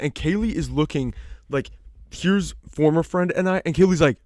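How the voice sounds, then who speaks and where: A man's voice: on the high side, normal speed, darkish tone, no room sound, clean studio sound. A young man co-hosting a podcast, telling a story casually, with lots of fillers and dramatic retellings. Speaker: podcast co-host.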